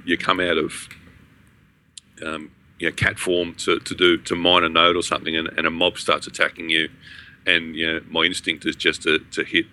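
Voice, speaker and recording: A man's voice: sits low, bright, forceful tone. A man co-hosting a gaming podcast, talking in a rambling casual way with many restarts and fillers. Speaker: podcast co-host.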